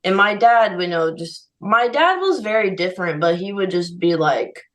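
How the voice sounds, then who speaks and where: A woman's voice: mid-range voice, lively intonation, normal speed, hardly any pauses, distant mic, rough recording. A young woman speaking as a podcast guest, candid and heartfelt, filling her speech with "like" and "you know.". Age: young adult. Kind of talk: candid conversational interview.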